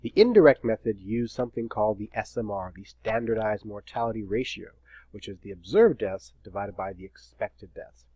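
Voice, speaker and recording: A middle-aged man giving a recorded lecture as a professor, talking in a brisk, wry and slightly terse way. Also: on the low side, dark tone, no room sound, lo-fi sound.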